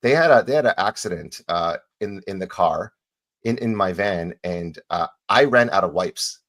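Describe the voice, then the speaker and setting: A man's voice: low-pitched, lively intonation, a bit bright. A man hosting an interview podcast, chatting casually and often restarting his words as he tells a story. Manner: halting, repeats words while telling a story. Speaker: podcast host.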